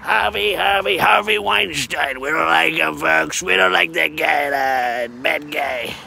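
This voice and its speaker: A man's voice: a little high, slow pace, creaky, pushed and bright, a little hiss or hum. A man walking outdoors and rambling through an improvised comic monologue, breaking into silly voices. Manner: improvised, jumps into silly impressions. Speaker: vlogger.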